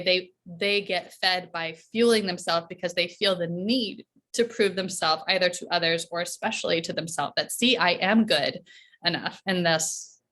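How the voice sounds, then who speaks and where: A woman's voice: medium pitch, a bit bright. A woman performance coach talking in a casual podcast interview, tagging her points with "right?" and laughing often. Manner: chatty, tags sentences with "right?" and laughs often.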